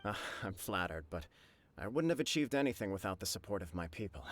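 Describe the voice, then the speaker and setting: An actor playing a humble, earnest young clan leader in a video game, formal and a little bashful. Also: male voice, deep voice, sing-song, fast talker, a little hiss or hum.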